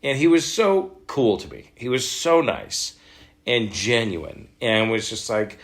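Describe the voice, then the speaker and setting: A middle-aged man, a voice actor, telling a story in a casual interview, animated and laughing as he acts out what others said. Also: mid-range voice, measured pace. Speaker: voice actor guest.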